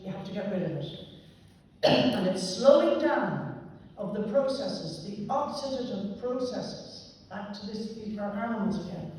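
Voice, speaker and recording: A woman's voice: mid-range voice, darkish tone, distant mic, slight background noise. Woman lecturing in an echoey hall. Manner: explanatory, emphatic, occasional coughs and throat clearing. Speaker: lecturer on aging. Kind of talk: public talk to a live audience. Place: large warm hall with an audience.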